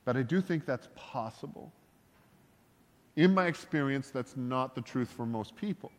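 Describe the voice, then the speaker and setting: A pastor delivers his sermon in an easygoing, joking manner, slipping in asides and laughing at his own stories. His voice sits in an ordinary middle pitch for a man. The sound carries a long reverb from a large church hall. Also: expressive, measured pace.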